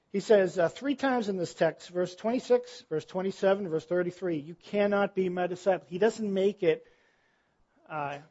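Guy pastor preaching, high voice, chatty and asks the room lots of questions, kinda muffled lo-fi sound. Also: a little mellow. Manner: conversational preaching, rhetorical questions. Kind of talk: sermon.

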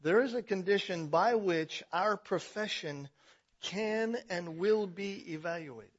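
Brief: male pastor, high and bright, emphatic sermon delivery, dull lo-fi recording. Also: slow pace. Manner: emphatic preaching, swells to loud passionate stretches.

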